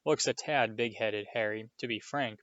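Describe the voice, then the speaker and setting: A man's voice: fairly low pitch, moderate pace, fairly bright tone, no room sound, lightly acted. A man voicing a vain celebrity teacher with a jovial, pompous, hearty manner. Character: vain, booming grown male celebrity teacher. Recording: dull, dry lo-fi recording.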